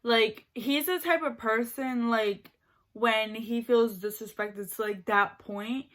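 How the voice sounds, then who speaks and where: A woman's voice: on the high side, fairly even intonation, takes it slowly, fairly bright tone. A young woman rambling chattily about her boyfriend while doing her makeup, filling her talk with "like". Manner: rambling and chatty, fills speech with "like". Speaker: beauty vlogger.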